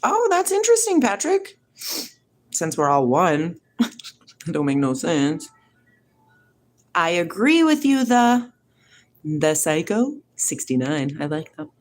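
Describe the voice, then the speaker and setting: A middle-aged woman hosting a live stream, chatting casually with viewers and asking rapid, rambling questions. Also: on the low side, wildly swooping pitch. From United States. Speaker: livestream host. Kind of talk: casual live chat answering viewer comments.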